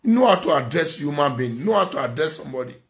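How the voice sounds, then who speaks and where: A man's voice: on the high side, sing-song, fast, gravelly. A middle-aged man with a Nigerian accent, giving a preachy, scolding monologue as a social media commentator. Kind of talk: impassioned monologue.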